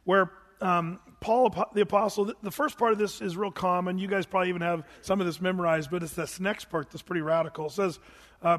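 A man with a high voice gives an easygoing sermon, reading scripture and then telling the story in a folksy, chatty way. He stumbles and restarts often. His voice rings with a long reverb, as in a church hall. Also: fairly even intonation, a little fast, a bit bright. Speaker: preacher. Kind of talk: casual sermon with Bible reading.

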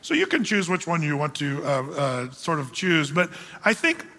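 A male pastor with a high, bright voice teaches a sermon verse by verse, talking conversationally with plenty of ums and restarts. He turns to the congregation with questions now and then. The sound rings with a long reverb, as in a church sanctuary. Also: wildly swooping pitch, moderate pace.

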